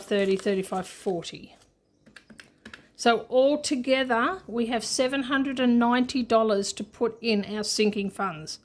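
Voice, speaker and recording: An Australian woman chatting casually to her viewers as she counts cash out loud, with plenty of ums along the way. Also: on the high side. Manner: chatty, counts money aloud, many fillers. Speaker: budgeting channel host. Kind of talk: casual unscripted chat while counting cash.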